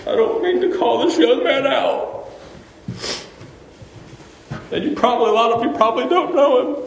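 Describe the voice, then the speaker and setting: A man's voice: very high voice, animated, normal speed, long pauses, a little hiss or hum. A man preaching a sermon to his congregation as pastor, impassioned and calling out members by name, recorded in a church sanctuary. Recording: echoey hall with long reverb.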